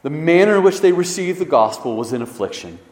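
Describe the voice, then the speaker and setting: A man preaching a sermon as pastor, swinging between loud emphasis and hushed, low stresses. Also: animated, a little fast. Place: church sanctuary. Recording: echoey church hall.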